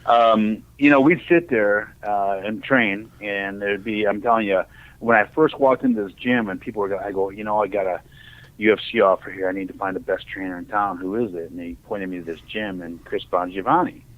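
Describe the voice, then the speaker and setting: A lower-voiced middle-aged man from Ohio rambles through his stories as a podcast guest, jumping into the voices of the people in them. His voice comes through thin and tinny, like a phone line. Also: a little fast. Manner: rambling, animated, acts out quoted dialogue. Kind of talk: casual storytelling.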